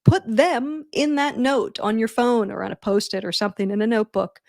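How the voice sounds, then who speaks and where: A middle-aged woman hosting a live advice Q&A on wedding speeches, chatty and animated, with self-deprecating jokes. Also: on the high side, moderate pace, creaky, dry recording, studio quality. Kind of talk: casual livestream advice.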